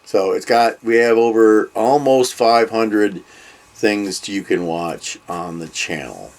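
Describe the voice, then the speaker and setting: A man's voice: lowish voice, takes it slowly. An older man hosting a comic book review vlog, chatting in a loose, rambling way with many ums and trailing asides. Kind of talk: casual vlog chat.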